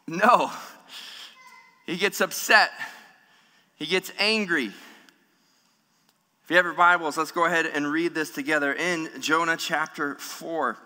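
A man's voice: on the high side, slow pace, long pauses. Guy preaching in a church hall, acts out voices in the story, lots of echo. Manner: animated preaching, acting out voices of people in the story. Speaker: pastor. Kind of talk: sermon. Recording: long hall reverb.

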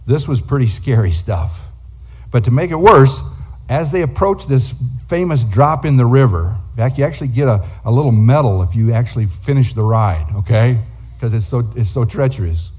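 Husky-voiced man preaching a story. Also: mid-range voice, moderate pace. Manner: animated storyteller acting out quotes. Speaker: guest preacher. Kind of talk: sermon storytelling.

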